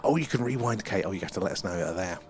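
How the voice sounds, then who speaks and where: A man hosting a night-time live stream outdoors, rambling excitedly and chatting with viewers. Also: low voice, very fast, faint music behind. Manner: excitable, rambling, talks to chat viewers by name. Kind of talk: live-stream chat and sky-watch commentary.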